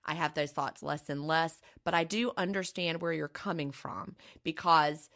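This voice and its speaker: A woman's voice: sits low, moderate pace, fairly bright tone. A middle-aged woman co-hosting a podcast, talking in an earnest, reassuring and personal way in casual chat. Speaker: podcast co-host.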